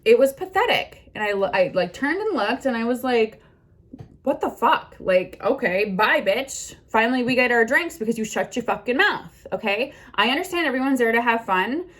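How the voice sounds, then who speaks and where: A woman's voice: a little high, animated, fairly quick, hardly any pauses, fairly bright tone. A middle-aged woman vlogging a defensive rant, blunt and indignant, swearing a lot.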